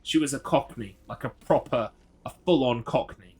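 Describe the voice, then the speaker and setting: A man's voice: mid-range voice, moderate pace, darkish tone, husky. Male streamer, casual live chat over gameplay, rambling anecdotes, swears a lot. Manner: rambling, swears freely, chatty asides. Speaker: streamer playing a horror game.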